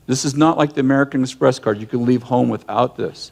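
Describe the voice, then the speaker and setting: A man's voice: mid-range voice, fast talker, creaky, hardly any pauses. A man leading a conversational sermon, a direct and emphatic teacher who acts out scenes from his stories and often restarts his sentences. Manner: animated storyteller who acts out yelling scenes. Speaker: ministry leader and teacher.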